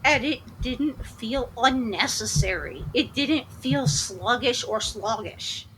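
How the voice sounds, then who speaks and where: A woman co-hosting a podcast, calmly giving her thoughts on a show's season. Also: on the high side, slow pace, a little hiss or hum, rough recording. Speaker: podcast co-host. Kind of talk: casual chat.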